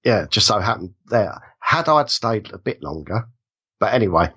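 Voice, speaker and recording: Man, English accent, husky voice, muffled remote audio, hesitant and self-deprecating. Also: on the low side, sing-song, normal speed, pushed and bright. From England. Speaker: podcast guest. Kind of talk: casual mock-trial banter.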